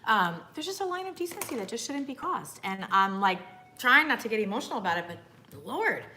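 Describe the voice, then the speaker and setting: A woman's voice: on the high side, big pitch swings, a little fast, sharp tone, a little hiss or hum. A woman hosting a casual beauty livestream, greeting viewers by name and speaking in an earnest, frustrated way. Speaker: beauty YouTuber livestream host.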